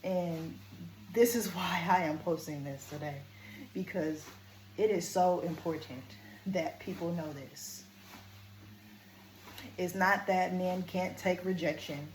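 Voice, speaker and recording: A woman talking earnestly to camera as a vlogger and coach, moving between a firm, deliberate tone and a softer one. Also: lowish voice, reverberant, slight background noise, poor audio. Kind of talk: casual talking-to-camera vlog.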